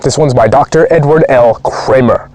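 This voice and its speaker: A man's voice: mid-range voice, moderate pace, darkish tone, no room sound. A man speaking as a performance coach, giving a blunt, profane, pumped-up motivational training talk.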